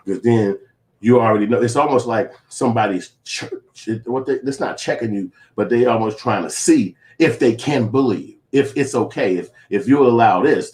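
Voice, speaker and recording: A man's voice: mid-range voice, a little mellow. A man with a Chicago accent talking straight to his viewers in casual commentary, profane and full of street slang, rambling from point to point. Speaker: vlogger.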